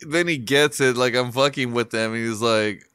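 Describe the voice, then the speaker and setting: A man's voice: mid-range voice, normal speed, fairly bright tone, smooth, dry recording, clean studio sound. Laughing, swearing man telling stories. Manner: sarcastic, laughing a lot, swears freely. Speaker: podcast co-host. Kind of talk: casual chat, storytelling.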